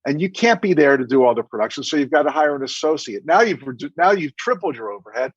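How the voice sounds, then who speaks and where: A man's voice: fairly high pitch, expressive, fast talker, husky, no echo. A man, a dentist guest on a business radio interview, explaining things emphatically and with animation. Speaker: dentist and practice consultant, guest. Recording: dry, slightly dull radio audio.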